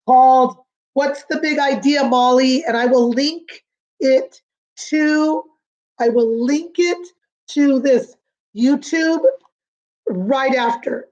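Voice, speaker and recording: A woman teaching a remote lesson to young children, patient and sing-song, repeating words slowly. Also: sits high, dull audio. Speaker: kindergarten teacher.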